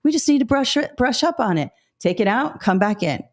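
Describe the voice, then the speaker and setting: A woman with a voice on the high side speaks briskly in a webinar, offering practical advice to new teachers. She tells it in a lively, storytelling style, acting out what she says to students.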